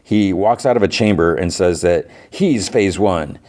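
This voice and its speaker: Give me a deep-voiced man casually retelling a show's episode on his podcast, rambling with fillers. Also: unhurried, darkish tone. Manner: rambling, filler-heavy retelling with many "like" and "you know". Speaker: podcast host.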